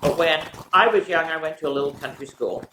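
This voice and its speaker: An older woman reads picture books aloud to children, her fairly low voice lively with playful sound effects and friendly asides. The recording is echoey, as if in a bare room, with a faint hiss underneath. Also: brisk. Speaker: children's story reader.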